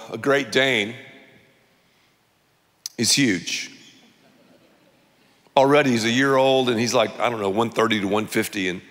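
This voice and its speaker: Brief: bright, forceful male pastor, jokey storyteller, long church reverb. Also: mid-range voice. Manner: animated, jokey, acts out voices. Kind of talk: sermon with storytelling.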